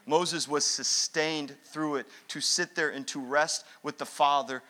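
A man preaches a sermon, fired up and emphatic, hammering his points through repetition. His voice sits high for a man and rings with a bright, sharp edge. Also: fairly even intonation, a little slow. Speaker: pastor.

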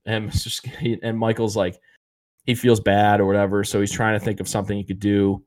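A man's voice: lowish voice, fairly even intonation, moderate pace. A man in casual chat, rambling through favorite TV episodes and acting out the characters' lines, with lots of fillers. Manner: rambling storyteller, acts out quotes, many fillers. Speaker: podcast co-host.

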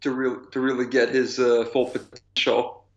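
A man's voice: medium pitch, level tone, moderate pace. A man co-hosting a podcast in casual chat, enthusiastic and laughing between phrases. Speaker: podcast co-host. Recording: slightly dull lo-fi mic.

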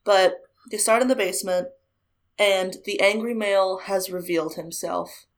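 This podcast co-host recounts a ghost show to a friend in a casual, animated way, voicing each quote herself. She speaks at a moderate pace with a medium-pitched voice.

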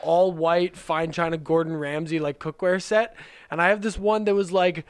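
Male podcast co-host, higher voice, rambling casual delivery, dry close mic. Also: steady tone, normal speed, clear, resonant tone, no room sound. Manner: rambling, filler-heavy, swearing. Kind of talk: casual chat.

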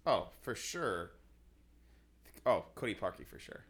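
Lively, excitable man talking sports. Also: on the low side, measured pace, slightly rough. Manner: excitable, laughs often, says "like" a lot. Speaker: podcast co-host. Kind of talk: casual sports chat.

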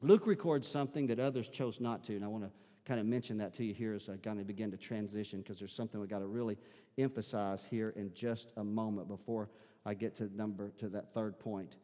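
A lowish, mellow voice with fairly even intonation and a fairly quick pace belongs to a Southern US pastor from the American South. He preaches in a church sanctuary, bursting into emphasis and calling out to his congregation, and the live-streamed sermon echoes through the hall.

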